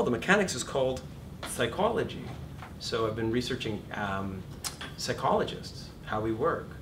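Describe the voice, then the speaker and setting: Animated swearing acting teacher, distant mic. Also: male voice. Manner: animated, profane, acts out shouted examples. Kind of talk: lively lecture to a class. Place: classroom or studio. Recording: distant room recording with background rumble.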